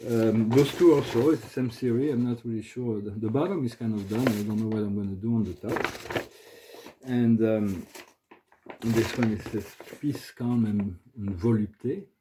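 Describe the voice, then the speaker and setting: A man hosting a casual spiritual video, soft-spoken and halting, often repeating words and restarting his sentences. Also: fairly low pitch, noisy background. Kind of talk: casual spiritual vlog talk.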